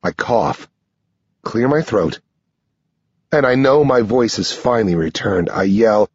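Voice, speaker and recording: A man narrating a first-person audiobook at an unhurried pace. His voice is husky, and the dry, dull recording has no room sound. His pitch sits in the middle range. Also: animated, dry recording.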